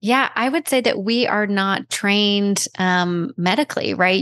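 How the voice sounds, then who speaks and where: A woman's voice: fairly low pitch, a bit bright, dry recording, studio quality. A woman with a Texan accent, a guest explaining her profession in a casual interview, with frequent ums. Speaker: child life specialist guest.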